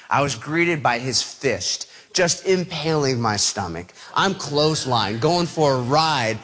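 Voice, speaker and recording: A man telling a personal story to an audience, animated, acting out the voices of the people in it. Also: a little high.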